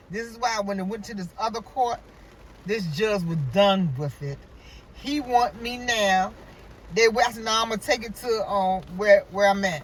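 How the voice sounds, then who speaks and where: A woman's voice: medium pitch, normal speed, a little hiss or hum. A woman telling a story in a casual vlog rant, acting out quoted dialogue and exclaiming about God. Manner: animated, acts out quoted dialogue, religious exclamations. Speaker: vlogger. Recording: voice from far off the mic.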